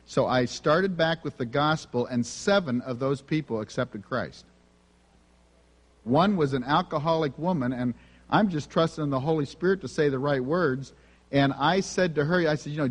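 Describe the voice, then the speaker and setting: A man's voice: mid-range voice, big-room sound. A man preaching a sermon, telling personal stories in an earnest, conversational way. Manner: earnest, conversational, self-confessing. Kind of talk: sermon storytelling.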